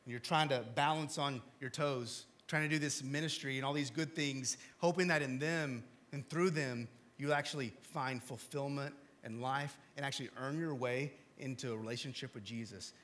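A man preaching a sermon to a congregation, talking conversationally with small jokes and asides, then dropping to hushed, low emphasis before rising again. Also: steady tone, normal speed, few pauses. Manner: swings from loud emphatic to hushed low delivery. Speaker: pastor. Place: church hall with congregation.

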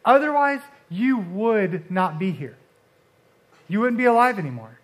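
A man preaching a casual, conversational sermon, often restarting and dropping suddenly soft for emphasis. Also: high-pitched, very animated, a little slow. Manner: conversational, uses filler like and restarts, dramatic drops to soft.

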